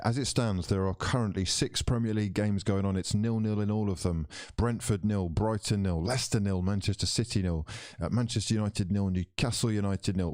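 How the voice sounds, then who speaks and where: Here a lowish-voiced man commentates football live for a watchalong audience, swinging from jokey broadcaster patter to noisy, thrilled outbursts. There's no room sound, and the quality is studio grade.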